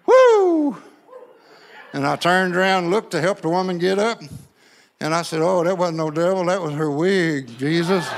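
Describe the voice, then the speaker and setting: A man's voice: high-pitched, vocal fry, fairly bright tone, slight background noise. A man preaching in a church, telling a funny story in a folksy way and calling on the crowd to answer back. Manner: folksy, joking, call-and-response with the crowd. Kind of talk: sermon with humorous storytelling.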